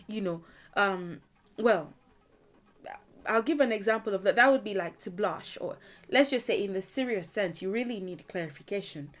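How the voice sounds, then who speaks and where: A woman teaching a language lesson in a relaxed, chatty way, often saying "you know" and laughing. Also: medium pitch, normal speed. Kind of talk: casual explanatory lesson.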